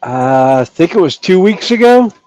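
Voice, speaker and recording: A man's voice: sits high, sing-song, moderate pace, dark tone, low-quality recording. A man chatting casually about his hobby, easygoing and rambling with fillers. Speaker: hobbyist streamer. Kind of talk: casual chat.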